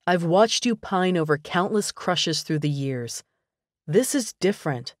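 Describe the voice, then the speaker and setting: A woman's voice: fairly low pitch, expressive, measured pace, no room sound, clean studio sound. A female narrator voicing a young man who is a loyal lifelong best friend, speaking steadily and frankly. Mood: coaxing.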